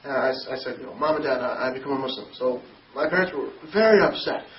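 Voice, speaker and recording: A young man from Newfoundland, Canada, telling a personal story in a halting way, often repeating and restarting words. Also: medium pitch. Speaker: interviewee telling his conversion story. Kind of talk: personal testimony. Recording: distant echoey dull recording, faint noise.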